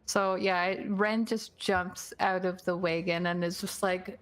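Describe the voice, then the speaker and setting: A woman's voice: fairly low pitch, little pitch movement, a little slow. A woman playing a tabletop game, talking earnestly and laughing now and then. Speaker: player. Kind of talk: tabletop role-play chat.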